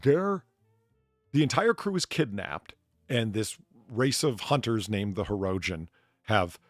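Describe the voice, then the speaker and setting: A man's voice: lowish voice, expressive, unhurried, dry recording, studio quality, faint music behind. A man hosting a casual chat, telling stories animatedly and laughing often. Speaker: streamer bartender host.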